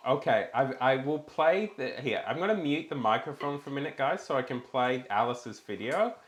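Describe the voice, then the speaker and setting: A man's voice: medium pitch, animated, moderate pace. Chatty man in an echoey kitchen. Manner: chatty, reads out messages with lots of ums. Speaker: co-host of a cooking stream. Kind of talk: casual chat, reading viewer chat aloud. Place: small home kitchen.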